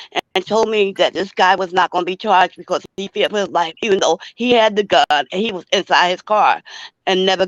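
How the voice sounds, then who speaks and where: Middle-aged female caller, halting and filler-heavy, on a dull, dry line. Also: medium pitch, no echo.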